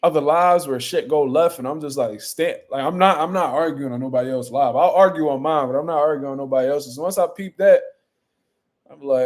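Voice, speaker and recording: A man's voice: fairly high pitch, fairly quick. A young man hosting a boxing channel, chatting casually on a livestream in a boastful, profane, rambling way.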